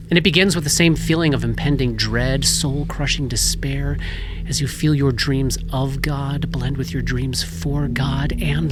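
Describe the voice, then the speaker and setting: A game master narrating a tabletop horror game in a slow, dramatic storytelling manner. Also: medium pitch.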